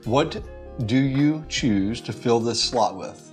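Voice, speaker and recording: A man on a podcast as a guest business owner, his voice swinging up and down with lively animation. He chats and laughs casually as faint music plays under the talk. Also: mid-range voice, slow pace. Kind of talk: casual chat.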